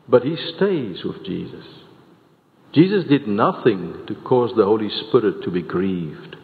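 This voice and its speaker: A man's voice: medium pitch, animated, normal speed. A man from South Africa preaching a sermon, earnest and repeating words as he builds each point. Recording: tinny phone-like sound, long hall reverb.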